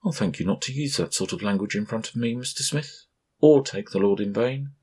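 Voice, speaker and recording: A man's voice: on the low side, brisk, a little mellow, slightly rough, voice pushed up. A man voicing an imperious ten-year-old princess in a storybook reading, speaking in a mock-gracious, regal and precise way. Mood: icily firm.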